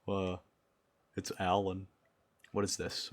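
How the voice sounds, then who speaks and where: A young man from Brazil chatting casually on a livestream, excitable and jumping between loud outbursts and low mumbles. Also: takes it slowly, long pauses. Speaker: streamer.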